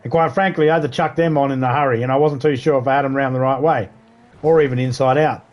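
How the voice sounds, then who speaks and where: A man's voice: medium pitch, fairly even intonation, quick pace, dull audio. A middle-aged man, chatting casually and swearing freely while streaming a game. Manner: profane, rambling storytelling. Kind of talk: casual chat while gaming.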